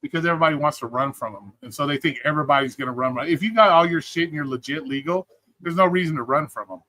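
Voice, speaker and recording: A man's voice: a little high, quick pace, bright, forceful tone. A man telling stories on a live stream in a casual, blunt and profane way. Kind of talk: casual storytelling.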